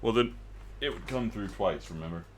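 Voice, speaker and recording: Low-voiced man teasing a friend. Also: moderate pace, a little hiss or hum. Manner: teasing, wry. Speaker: streamer. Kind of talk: casual banter.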